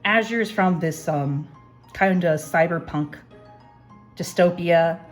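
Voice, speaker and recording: A woman's voice: lowish voice, takes it slowly, faint music behind. A young woman artist casually talking through her sketchbook pages, rambling and self-deprecating. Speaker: artist, channel host. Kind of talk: casual sketchbook tour narration.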